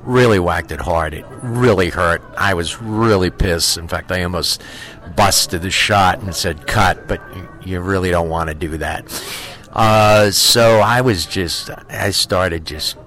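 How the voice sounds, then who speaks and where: A man, an actor, telling a story from a film set in a casual interview, halting with fillers and restarts, swearing freely and acting out the people he quotes. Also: low-pitched. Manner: lively storyteller who acts out quoted voices.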